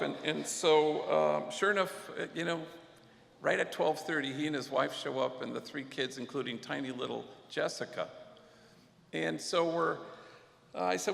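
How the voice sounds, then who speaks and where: Gravelly man telling stories in a hall. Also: a little high, a bit bright. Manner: unhurried, reflective storytelling with Spanish slang. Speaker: guest speaker at a luncheon. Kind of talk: storytelling speech. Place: event hall. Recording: echoey hall with long reverb.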